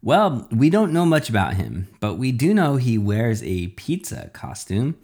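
A man's voice: mid-range voice, big pitch swings, measured pace, darkish tone. A man doing a formal TV news anchor. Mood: newsy.

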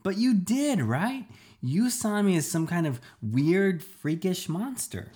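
A man's voice: high-pitched, very animated, slow, dark tone, pitched above the performer's own voice, heavily acted. A man reading a storybook aloud, voicing a hurt young boy defending his father. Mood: upset. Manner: upset, protesting.

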